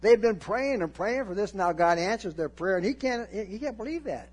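Older male preacher, folksy sermon, lively rising and falling voice, slightly raised pitch. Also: normal speed, husky. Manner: folksy, animated, jokes and acts out Bible scenes.

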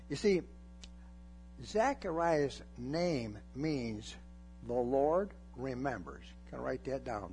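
An older man preaching a folksy, animated sermon, joking and acting out Bible scenes. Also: medium pitch, slow pace, faint music behind.

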